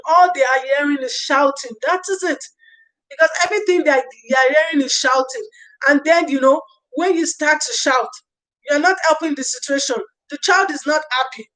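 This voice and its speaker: High-voiced woman hosting a livestream. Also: poor audio. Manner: reads out viewer comments and thanks viewers warmly by name; earnest advice-giving with repeated phrases. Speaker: livestream host. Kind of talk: casual livestream talk on early years parenting.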